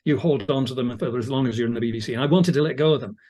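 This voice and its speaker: His dark, medium-pitched voice races along. He's an older audiobook narrator from England with British English speech, spinning anecdotes in a relaxed, self-deprecating interview chat.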